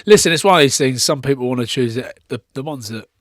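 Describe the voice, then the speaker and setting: A man guesting on a podcast, chatting casually as an animated storyteller who laughs often. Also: mid-range voice, fast, no room sound, clean studio sound. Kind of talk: casual chat.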